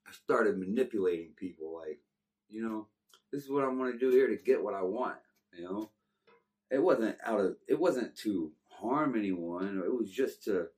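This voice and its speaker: Deep-voiced Texan man, far from the mic. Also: a little mellow. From Texas. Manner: rambling, laid-back, slangy. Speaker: guest telling his life story. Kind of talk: casual storytelling. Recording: distant from the mic.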